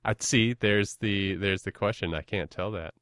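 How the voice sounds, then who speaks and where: A young man hosting a podcast chat, rambling and self-deprecating with easy laughs. His voice is on the low side and sounds dry and close to the mic. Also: moderate pace, a bit bright, no room sound. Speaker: podcast host. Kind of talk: casual chat.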